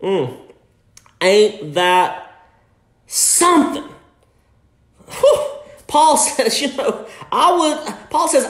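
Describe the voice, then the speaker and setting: A man preaching a sermon as a pastor, impassioned, with shouts and bursts of laughter. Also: sits high, lively intonation, a little slow, pauses often. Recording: echoey room.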